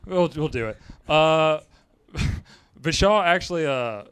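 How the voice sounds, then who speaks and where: Man comedian, slightly high voice, halting roast delivery in a comedy club. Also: expressive, a bit bright, clean tone. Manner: hesitant, chuckling between jokes. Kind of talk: stand-up roast jokes.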